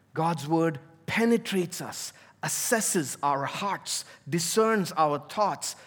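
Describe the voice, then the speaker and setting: A man preaching a sermon as a pastor, earnest and emphatic, slowing down to stress key words. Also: fairly high pitch.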